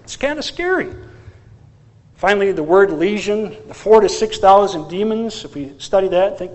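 High-voiced male pastor preaching. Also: moderate pace. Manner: animated, rhetorical questions to the congregation. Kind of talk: sermon.

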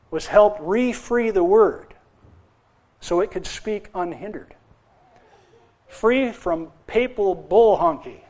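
A man's voice: high-pitched, darkish tone. A male pastor preaching a sermon, emphatic and repetitive, building intensity through repeated phrases.

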